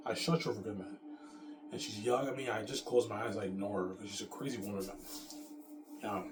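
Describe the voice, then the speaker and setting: A man's voice: fairly low pitch, fairly even intonation, quick pace. A man talking in a rambling, boastful, profane monologue, repeating himself as he goes. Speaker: vlogger. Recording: echoey room with music playing. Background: music.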